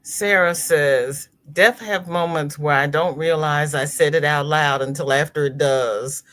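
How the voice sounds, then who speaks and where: Speaking in a low voice at a measured pace, a woman hosts a crochet livestream. She chats easily, reads viewer comments aloud, and is expressive with frequent laughter.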